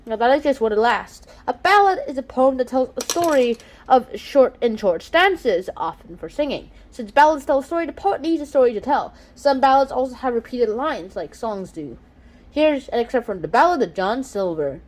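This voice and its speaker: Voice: medium pitch, very animated, fairly quick, darkish tone. A young host reading a study guide aloud in a casual lesson, stumbling over words and restarting often. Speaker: channel host.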